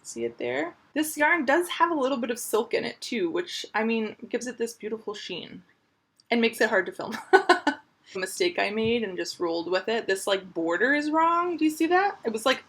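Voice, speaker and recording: A woman's voice: fairly high pitch, animated, moderate pace, fairly bright tone, slightly rough. A woman showing her crochet squares in a casual, upbeat, chatty vlog, full of fillers. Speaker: crochet vlogger. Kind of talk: casual show-and-tell.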